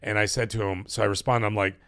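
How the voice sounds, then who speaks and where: A middle-aged man hosting a gaming live stream, talking casually in a profane, animated rant. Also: fairly low pitch, fast talker, clean tone, dry recording. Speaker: gaming channel host.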